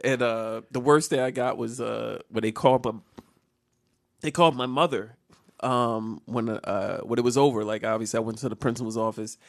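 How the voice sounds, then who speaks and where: A man's voice: mid-range voice, fairly even intonation, normal speed, vocal fry, no room sound, studio quality. A man telling a comedic story on a podcast. He laughs often and acts out the voices and sounds of other people.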